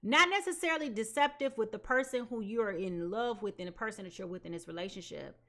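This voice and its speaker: A woman's voice: mid-range voice, fast, sharp tone. A woman giving a live tarot reading, talking in an emphatic, repetitive way with casual slang. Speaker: tarot reader.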